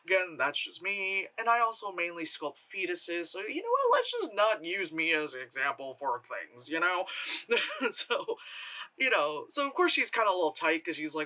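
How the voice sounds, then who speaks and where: A man giving a casual spoken movie review, rambling and animated, with many fillers and laughs. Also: high voice, normal speed, rough recording.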